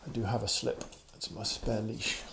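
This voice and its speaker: Dog trainer, male, lowish gravelly voice, soft coaxing delivery, indoor camera audio. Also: moderate pace, noisy background. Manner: calm, soft-spoken, gently coaxing the dog. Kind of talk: casual running commentary during a dog session. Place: indoors, in a room with the dogs.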